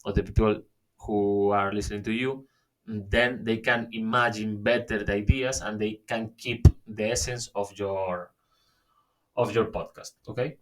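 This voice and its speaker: Slow-talking man giving a webinar. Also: fairly low pitch, steady tone, fairly bright tone. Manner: halting, many fillers and restarts, says "okay?" often. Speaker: webinar presenter. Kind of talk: online workshop talk.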